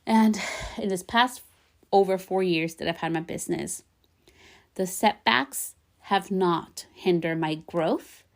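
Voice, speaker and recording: Woman, podcast host, solo talk, earnest, encouraging, repeated affirmations, slightly low pitch. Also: slow.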